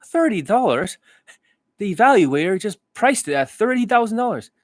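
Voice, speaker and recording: A pushy male seller, indignant and high-pitched, bargaining for more money, as a man puts him on. The sound is dry and close. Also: very animated, moderate pace, no room sound. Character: pushy male seller, inflating his price.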